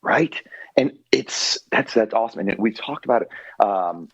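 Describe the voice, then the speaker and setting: A man's voice: on the low side, expressive, moderate pace, slightly rough, lo-fi sound. A man who is a podcast guest, talking in a rambling, loose way and swearing freely in casual chat.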